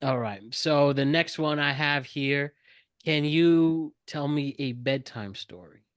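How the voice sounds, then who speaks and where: A man with a smooth, clear voice and a slightly raised pitch introduces topics on a podcast. The sound is dry and close. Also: dry recording. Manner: prompting, quick to laugh. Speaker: podcast co-host. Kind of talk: casual chat.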